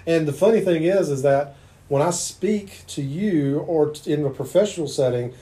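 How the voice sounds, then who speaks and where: Southern man interviewing in mellow voice. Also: a little high, normal speed. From Eastern North Carolina. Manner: chatty, affirming, tells anecdotes. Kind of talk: conversational interview.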